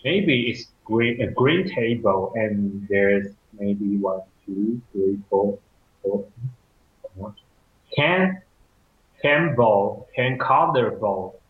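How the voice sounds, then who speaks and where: Man from Taiwan, Mandarin native, English student, halting and unhurried; phone-like, roomy audio. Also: fairly low pitch, expressive. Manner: hesitant, searching for words with many fillers and restarts. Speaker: language student. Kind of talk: online English conversation lesson. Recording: echoey, tinny call audio.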